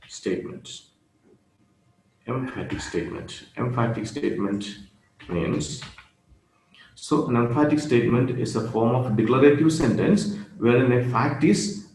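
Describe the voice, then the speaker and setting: Slow-paced man teaching grammar in an echoey room. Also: medium pitch, a little mellow. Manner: slow and repetitive, repeating key phrases with pauses. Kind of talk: slow online grammar lesson. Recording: roomy echo with faint noise.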